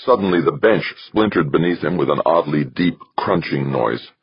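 A man narrating an audiobook in an extremely deep, gravelly voice with a husky edge. His delivery is steady and measured. The recording is dry and a bit muffled. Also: dry recording. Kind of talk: scripted narration.

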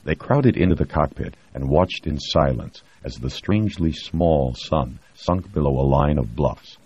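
A man reading a novel aloud in a steady, measured scripted narration. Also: very deep voice, slightly rough, dry recording. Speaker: audiobook narrator. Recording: dry, dull lo-fi recording.

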